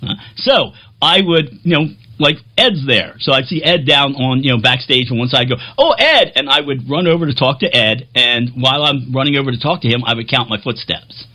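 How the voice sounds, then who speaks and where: A man's voice: medium pitch, fairly quick, sharp tone. A man who plays keyboards in a band, telling a rambling, jokey, self-deprecating vlog story.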